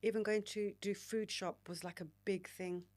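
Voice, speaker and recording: A woman in her forties, a podcast guest telling candid stories in an animated, frank way and swearing freely. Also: mid-range voice, normal speed. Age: 40s. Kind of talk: candid storytelling conversation.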